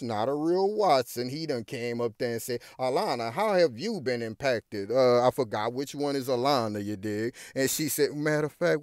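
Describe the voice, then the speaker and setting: A man's voice: mid-range voice, a little mellow, dry recording, studio quality. A man ranting in heated, profane commentary, often tagging lines with "you dig" and "goddamn it".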